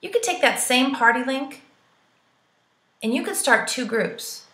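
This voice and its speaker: A woman's voice: sits high, animated, a little slow, pushed and bright. A woman giving sales coaching to the camera, chatty and peppy, often checking in with "right?" and calling her listeners "girl". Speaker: direct sales trainer. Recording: roomy echo.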